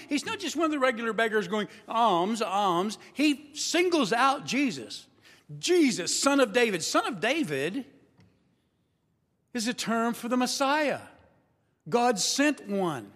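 A man delivers a sermon as a pastor, with a notably high voice. He tells the story in a relaxed, conversational way and acts out the voices of the people in it. His voice carries the long reverb of a large hall.

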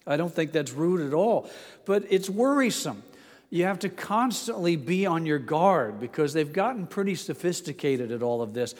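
An older male pastor giving a folksy sermon, reading scripture slowly and telling stories with many pauses and fillers. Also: fairly high pitch, lively intonation, big-room sound. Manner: slow, deliberate scripture reading.

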